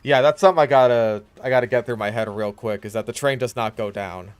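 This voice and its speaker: A young man giving casual, chatty commentary over his own gameplay, now and then bursting out in loud reactions. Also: medium pitch, quick pace, smooth, dry recording. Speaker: gaming YouTuber.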